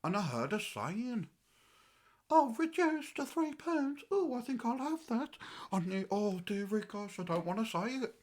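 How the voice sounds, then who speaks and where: A man's voice: high-pitched, big pitch swings, unhurried. A man doing a grumbling old English grandad. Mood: aggrieved. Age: older. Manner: rambling and aggrieved, swinging between mutters and outbursts. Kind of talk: comic character monologue.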